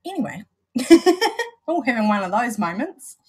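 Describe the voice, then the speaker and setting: A woman's voice: on the high side, big pitch swings, takes it slowly, pauses often, slightly rough. A woman with a New Zealand accent, co-hosting a casual chat and explaining things at length with lots of restarts. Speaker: vape show co-host.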